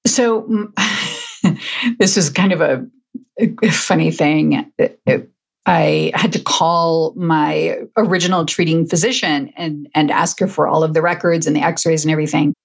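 A woman's voice: low-pitched, animated, a little slow, creaky, husky. A middle-aged woman, an interview guest, telling her story conversationally with frequent restarts. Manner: frequent restarts, emotional at moments.

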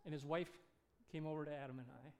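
A male pastor preaching a sermon, telling a story with animated delivery and acted-out dialogue. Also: fairly high pitch, fast talker. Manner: animated, acts out dialogue in his stories.

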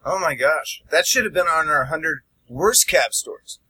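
A man's voice: fairly high pitch, lively intonation, normal speed, bright, forceful tone, slightly rough, no room sound, rough recording. A man co-hosting in a casual chat, reacting with short remarks and frequent laughs. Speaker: podcast co-host.

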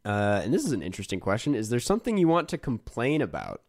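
A podcast co-host chats casually and reads listener questions in an upbeat, easygoing manner. His mid-range voice is a little mellow, swings hugely in pitch, and moves fast, recorded in studio quality with no room sound.

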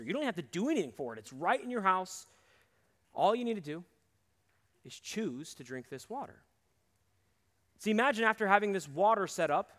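A young man preaching a sermon to a campus ministry, earnest and emphatic, dropping low and quiet on his key points. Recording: long hall reverb.

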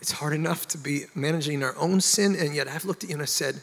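A man, a pastor, sharing his testimony in an animated, emotional way and getting loud at the high points. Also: fast talker, vocal fry, long reverb tail. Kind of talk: candid conversational testimony.

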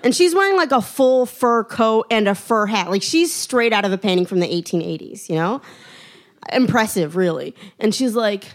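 Lively young woman telling a funny story. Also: mid-range voice, normal speed. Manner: animated, self-mocking, laughs through her lines. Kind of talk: personal storytelling monologue.

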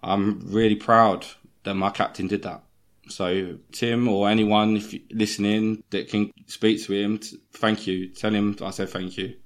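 A man talking as a guest on a casual football podcast, earnest and heartfelt, with a halting delivery. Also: on the low side, flat delivery.

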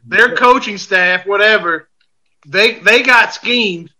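Bright, high-voiced profane sports fan. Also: male voice, slow pace. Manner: profane, excitable, shouts in frustration. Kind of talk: casual sports chat.

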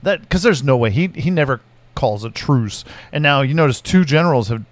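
A man's voice: mid-range voice, lively intonation, fairly quick, no echo. A man co-hosting a casual podcast, swearing and laughing often as he acts out movie quotes and stories in mock voices. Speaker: podcast co-host. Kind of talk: casual banter.

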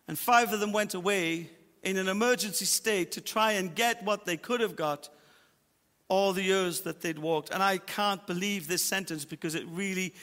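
High bright-voiced pastor guy preaching hard, slows right down on key lines, long church echo. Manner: emphatic, slows down to stress points. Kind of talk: sermon. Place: church auditorium.

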